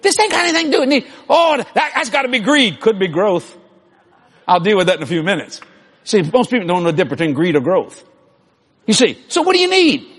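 Male preacher: very high, husky voice, lively delivery, sermon. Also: a little fast. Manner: animated, shouting asides, laughing.

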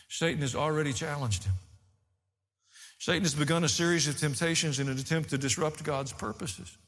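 A man preaching a sermon as pastor, animated, rising and falling as he teaches. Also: fairly high pitch, in a large hall.

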